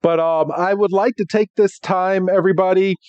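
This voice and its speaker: Podcast co-host, fairly high-pitched man, laughs through his recap, dry and slightly muffled recording. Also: fairly even intonation, moderate pace, a little mellow, clean tone, no echo. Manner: laughs often, acts out characters' lines. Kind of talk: casual chat recapping an episode. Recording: dull, muffled podcast audio.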